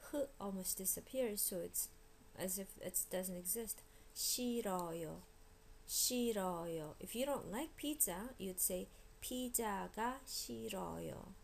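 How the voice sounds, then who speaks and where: A woman teaching a language lesson, explaining grammar and repeating each word slowly so learners can copy it. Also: medium pitch, gravelly, darkish tone, a little hiss or hum. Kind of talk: recorded vocabulary lesson.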